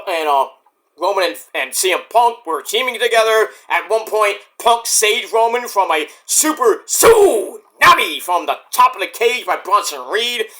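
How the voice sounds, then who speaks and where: A young man giving a casual, rambling wrestling event review, excitable and profane, with sudden shouts. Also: high-pitched.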